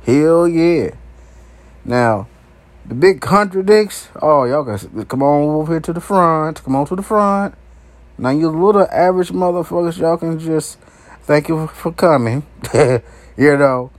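A man's voice: a little high, measured pace, no room sound. Brash, profane man ranting uncensored. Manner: profane, brash and animated, often laughing. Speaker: vlogger. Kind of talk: raw, uncensored monologue.

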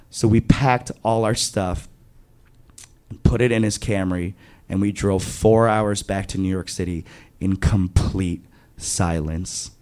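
Man, thirties, slightly low voice, confessional, animated storyteller. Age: 30s. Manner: candid, confessional, animated retelling. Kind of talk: live true-story monologue.

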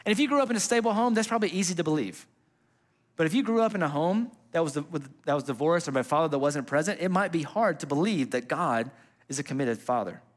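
A man's voice: fairly high pitch, fast. Chatty young man preaching a sermon. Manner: conversational storytelling with many fillers and restarts. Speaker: pastor.

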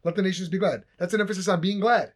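A man's voice: high-pitched, racing. A man co-hosting a casual Christian podcast, arguing one point firmly. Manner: pushes hard on one point. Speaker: podcast co-host. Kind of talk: casual chat.

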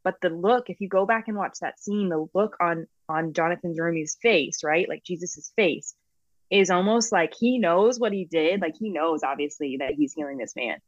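A woman with a very low voice chats eagerly as a podcast guest. Her sound is dry and a little dull, lo-fi. She uses plenty of filler words. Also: normal speed, no room sound. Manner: enthusiastic, animated, filler-heavy. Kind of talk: casual podcast chat.

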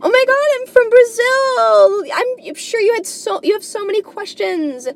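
A woman's voice: extremely high pitch, normal speed, voice pushed up. A woman putting on the voice of a gushing, self-important young tourist, squealing and breathless. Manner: over-cheery and self-important.

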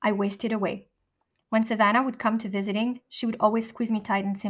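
A middle-aged woman reads her own memoir aloud in the first person. Her delivery is candid and blunt, with small restarts and an occasional curse word. Her voice sits at an ordinary pitch for a woman. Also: fairly even intonation, a little fast. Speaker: memoir narrator.

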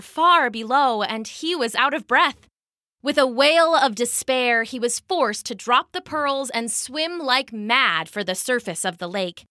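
A woman narrating a children's story in an animated, expressive storytelling manner. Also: high voice, no echo, studio quality.

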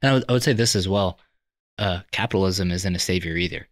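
A man with a very deep voice co-hosting a faith-based podcast. He talks in a thoughtful, measured way and reasons through his ideas aloud. The sound is close-miked and dry. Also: no echo. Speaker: podcast co-host.

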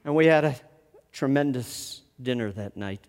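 A man telling a personal story in an animated way, often restarting with quick repeated words. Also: medium pitch, in a large hall.

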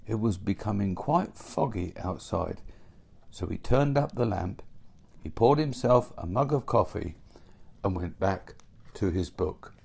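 A man narrating a storybook in a gentle, unhurried way. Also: fairly low pitch, animated, vocal fry, husky.

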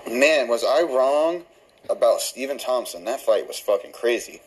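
A man's voice: mid-range voice, expressive, moderate pace, husky, rough recording. A male caller talking casually and swearing as he sounds impressed. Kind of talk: recorded voicemail call.

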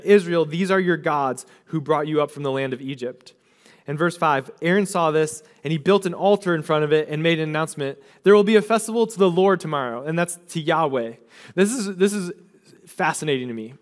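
Male pastor, slightly higher voice, conversational sermon with acted-out dialogue. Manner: casual conversational preaching, acting out voices.

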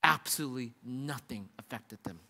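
A man's voice: mid-range voice, moderate pace, vocal fry, bright, forceful tone. A man preaching a sermon in a casual, emphatic way, restarting phrases and building up repeated lines. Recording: long reverb of a large hall.

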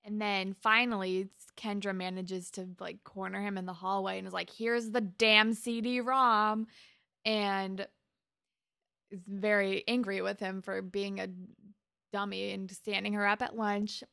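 A woman co-hosting a podcast, casually recapping a TV episode with animated retelling, dry jokes and casual swearing. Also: mid-range voice, normal speed, gravelly, no room sound. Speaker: podcast co-host.

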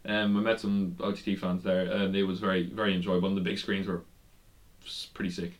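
A man's voice: low voice, little pitch movement, fairly quick. A young man co-hosting a casual wrestling podcast, rambling through match results with frequent restarts and laughter. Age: young adult. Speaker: podcast co-host.

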